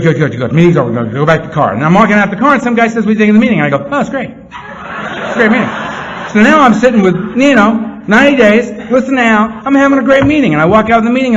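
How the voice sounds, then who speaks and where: A man giving a speech to a meeting room audience. He talks earnestly, slipping into rapid-fire repeated phrases. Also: sits high. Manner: animated, rapid-fire repetition; earnest, heartfelt. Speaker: recovery meeting speaker. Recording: slightly muffled, faint room hum.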